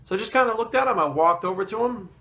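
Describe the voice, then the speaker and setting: Swearing, bright-voiced fitness trainer. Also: male voice, high voice, quick pace, vocal fry. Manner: swears constantly, blunt and animated. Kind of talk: casual vlog storytelling.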